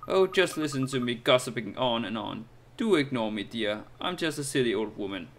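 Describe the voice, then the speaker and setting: Speaking in an expressive, mid-range voice with a fairly bright tone at normal speed, a man performs a fussy but kindly old woman neighbor who loves to gossip. She chatters, sighs, and calls everyone dear, with game music in the background.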